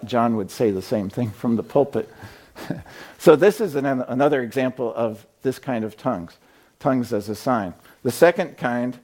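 A man's voice: medium pitch, a little mellow. A man preaching a sermon in a conversational, storytelling way, with frequent fillers. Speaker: pastor. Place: church sanctuary.

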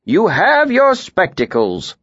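A man's voice: high-pitched, huge pitch swings, slow pace, fairly bright tone, dry recording, voice pushed up, heavily acted. A man voicing a fussy older male tinker who pleads and sighs reluctantly. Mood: pleading. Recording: dry, slightly muffled studio recording.

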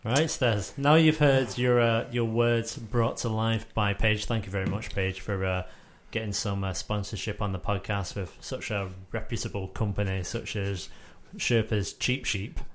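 A man hosts a casual podcast with a slightly low, easygoing voice. He jokes and teases his way through the chat. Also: steady tone, normal speed, few pauses, slight background noise. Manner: jokey, self-mocking banter. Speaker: podcast host.

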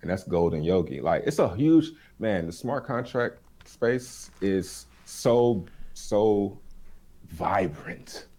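A low-voiced man chatting casually on a podcast. He rambles in a laid-back way, restarts his sentences often and drops relaxed slang. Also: takes it slowly.

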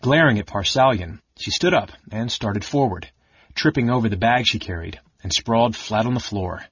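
A man narrating a fantasy audiobook with a steady, expressive reading. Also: lowish voice, normal speed, husky, no room sound, highs cut off. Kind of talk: scripted narration.

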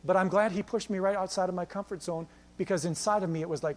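A male pastor preaching a sermon, swinging between loud exhortation and quiet storytelling. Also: high voice, fairly even intonation, fast.

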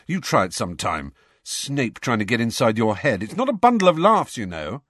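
A man reading aloud voices a frustrated teenage schoolboy who speaks in a flat, irritable way. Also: mid-range voice, a little fast, no echo, studio quality, pitched above the performer's own voice. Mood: irritated.

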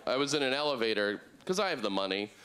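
A man in his thirties doing a deadpan stand-up set on a handheld mic. His pitch leaps and falls a lot, jumping high for quoted people. A faint hum of the room sits behind him. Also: quick pace, crowd noise. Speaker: stand-up comedian. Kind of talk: stand-up routine. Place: comedy club stage before a live audience.

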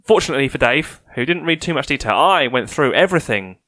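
A man co-hosting a hobby podcast in casual chat. He is animated and teasing, and he explains at length. His voice sits at a middle pitch on a close, dry microphone. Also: fast, dry recording. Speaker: podcast co-host.

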